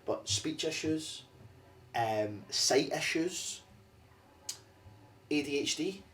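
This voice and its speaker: Scottish man, podcast host, rambling, animated, bit distant from mic, faint background hum. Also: a little high, extremely slow. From Scotland. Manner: animated, rambling, mimics voices. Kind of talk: casual podcast conversation.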